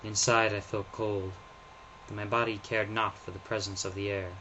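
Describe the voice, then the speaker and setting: A man's voice: fairly low pitch, level tone, moderate pace, bright, forceful tone, a little hiss or hum, poor audio. Man reading his own story aloud. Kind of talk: first-person story narration.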